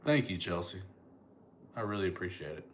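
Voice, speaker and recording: A man's voice: sits low, lively intonation, fairly quick, a little hiss or hum. A middle-aged man, a comedian chatting casually on a livestream and answering viewers' comments. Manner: laid-back, chatty, thanks viewers by name.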